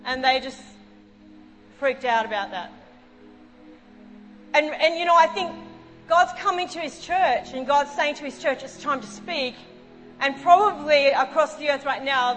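Woman pastor preaching, high voice, big echoey hall, soft music under it, gets really animated. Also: moderate pace. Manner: animated, acts out quotes, exclaims. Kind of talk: sermon with storytelling.

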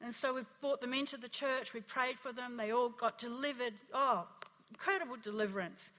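An Australian woman pastor giving an animated sermon testimony, acting out the people in her story. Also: a little high, brisk. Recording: long hall reverb.

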